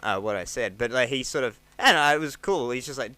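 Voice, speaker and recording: A man's voice: fast talker, dry recording. An Australian man in his thirties, a stand-up comedian telling rambling stories on a podcast and acting out what people said. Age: 30s. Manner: rambling, animated, acts out quotes with jumps in pitch. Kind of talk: casual storytelling chat.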